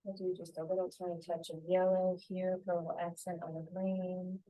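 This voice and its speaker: A woman teaching a painting tutorial, talking calmly and gently through each brushstroke. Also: on the low side, fairly quick, no room sound, low-quality recording. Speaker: painting instructor.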